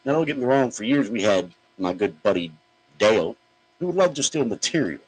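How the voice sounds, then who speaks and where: A man's voice: mid-range voice, sing-song, normal speed, a little mellow, a little hiss or hum, rough recording. A man hosting a podcast, ranting in a blunt, profane, mocking way. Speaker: podcast host. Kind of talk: opinionated podcast rant.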